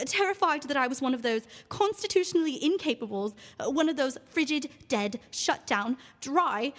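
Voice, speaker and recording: A woman's voice: high voice, a bit bright, long reverb tail. A woman performing a neurotic young woman in a theatre monologue, with a British accent and a breathless, confessional manner. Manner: breathless, confessional, spiralling panic.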